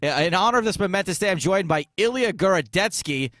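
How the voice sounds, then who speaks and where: A man's voice: high voice, animated, fairly bright tone, no echo. A male radio host bantering in a casual, upbeat, joking way. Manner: upbeat, joking, quick-talking.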